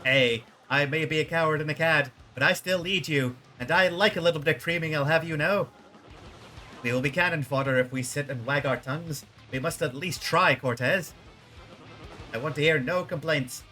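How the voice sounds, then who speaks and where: A man hamming up a vain, cowardly leader who speaks in grand, self-important flourishes. The voice sits slightly high and bright, with quiet game music underneath. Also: normal speed. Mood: pompous. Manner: theatrical, self-important, dramatic.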